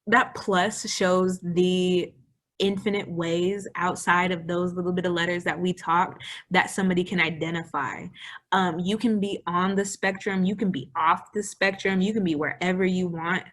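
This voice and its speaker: Lively young woman chatting casually. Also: lowish voice, moderate pace. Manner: lively, laughing, acts out little scenes. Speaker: co-host. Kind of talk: casual educational discussion.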